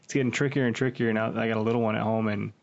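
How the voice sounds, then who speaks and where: Fast-talking, gravelly young man. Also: lowish voice, fairly even intonation, muffled recording. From Wisconsin, USA. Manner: fast-talking, upbeat, friendly. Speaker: podcast host. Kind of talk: casual interview chat.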